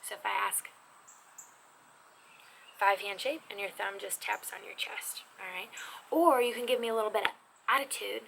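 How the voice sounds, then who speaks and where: A woman teaching a casual video lesson on sign language, talking in an animated, expressive, chatty way. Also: medium pitch, normal speed, vocal fry, pauses often. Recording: noisy background.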